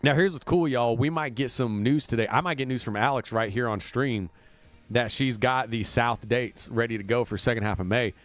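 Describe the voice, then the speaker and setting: A man's voice: medium pitch, moderate pace, a bit bright, no echo. A man from Indiana, a band member booking a tour, chatting casually and upbeat on a livestream, rambling with plenty of fillers. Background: faint demo music looping.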